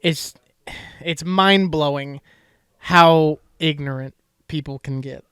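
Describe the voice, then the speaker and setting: A man's voice: a little high, slow pace, fairly bright tone, clear, resonant tone, dry recording, studio quality. A man co-hosting a casual chat, blunt and swearing freely, with stammering restarts. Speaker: podcast co-host.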